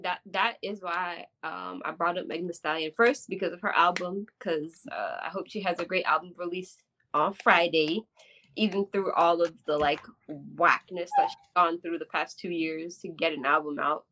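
A woman's voice: lowish voice, steady tone, moderate pace, pushed and bright. A woman co-hosting a podcast in casual chat, emphatic and repeating phrases for effect. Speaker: podcast co-host.

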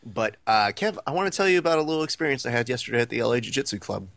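A podcast co-host tells a story casually and with animation, acting out the lines of the people involved. He speaks rapid-fire at medium pitch with vocal fry, in a dry, studio-quality recording.

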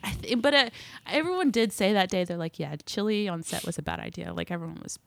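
A woman's voice: lowish voice, lively intonation, fast talker, creaky, fairly bright tone. A young woman, an actor, telling a casual story in an interview with lots of fillers. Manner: chatty, filler-heavy, laughing storyteller. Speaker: actor guest.

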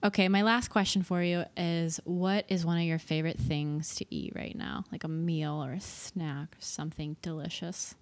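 A woman hosting a podcast interview, upbeat and enthusiastic as she asks quick questions. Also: on the low side, fairly even intonation. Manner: bubbly, enthusiastic. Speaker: podcast host.

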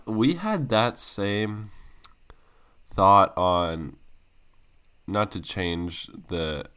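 Low-voiced young guy, blunt and dramatic. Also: drawn-out words, clean tone. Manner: blunt, dramatic dislikes, trails off quietly. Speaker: podcast co-host. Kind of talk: casual chat.

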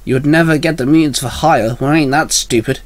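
A man's voice: on the high side, fairly quick, dry recording, close to an everyday voice. A man voicing a snarky teenage male mutant who talks in a sarcastic, casual way.

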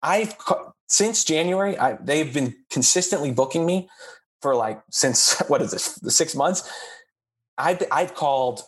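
A man's voice: on the high side, a little slow. Man telling a rambling comic story. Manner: animated, rambling anecdote with lively asides. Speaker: podcast guest. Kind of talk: casual comedic storytelling.

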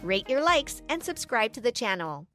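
A woman's voice: fairly high pitch, big pitch swings, moderate pace, a bit bright, soft background music. A woman narrating a first-person story in an earnest, dramatic storytelling manner.

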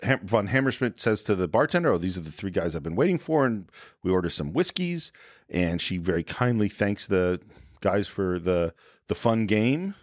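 A man's voice: lowish voice, lively intonation, normal speed, dry recording, studio quality. A man co-hosting a film podcast, casually retelling a movie scene by scene and briefly acting out the characters' lines. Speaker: podcast co-host.

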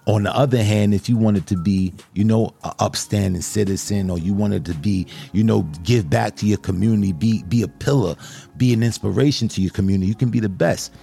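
A man's voice: fairly low pitch, fairly quick, vocal fry, mellow, faint music behind. A man hosting a show, chatting earnestly and encouragingly with a guest, often repeating himself as he speaks. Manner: repetitive, earnest, encouraging, addresses guest as brother. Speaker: show host. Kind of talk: casual interview chat.

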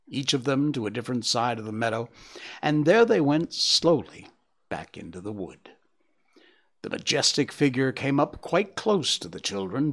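A man narrating a storybook in a hushed, expressive reading that dips into near whispers. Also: mid-range voice, slightly rough.

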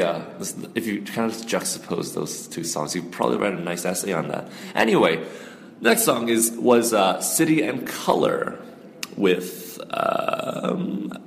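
Man, very low voice, excitable podcast host, casual chat, roomy echo with a long tail. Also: slight background noise. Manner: excitable, quick to gasp and exclaim.

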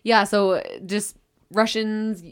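A woman co-hosting a casual history podcast, chatty and quick to laugh. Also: medium pitch, steady tone, clean tone. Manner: chatty, laughing, filler-heavy. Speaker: podcast co-host.

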